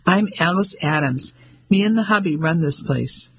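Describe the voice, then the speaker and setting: A woman's voice: on the low side, lively intonation, normal speed, slightly rough, low-quality recording. A man voicing a gossipy middle-aged landlady with a Cockney accent, homely and confiding. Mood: chatty.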